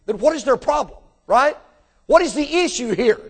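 A man preaching a sermon to his congregation, emphatic and direct, asking them questions and rising into animated bursts. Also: very high voice, normal speed, breathy edge. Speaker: pastor.

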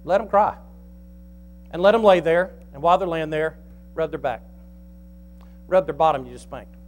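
A male pastor delivers an animated, folksy sermon. His voice sits high for a man and swings from quiet asides to loud, pressing emphasis. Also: normal speed.

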